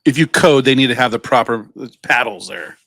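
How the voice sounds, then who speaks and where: A man co-hosting a casual podcast, chiming in with jokes and quick reactions. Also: medium pitch, vocal fry, a bit bright, dry recording. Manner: joking interjections, playful silly voices. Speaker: podcast co-host. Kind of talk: casual chat.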